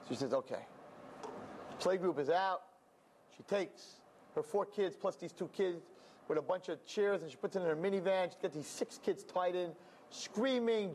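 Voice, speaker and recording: A man's voice: sits high, a little mellow, slight background noise. A man telling a story animatedly, sprinkled with Yiddish words. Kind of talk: told story.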